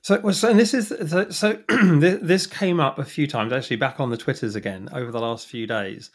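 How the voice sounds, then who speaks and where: A man's voice: mid-range voice, brisk. A man talking casually as a podcast guest, chatty and self-deprecating, often restarting his sentences. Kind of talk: casual conversation.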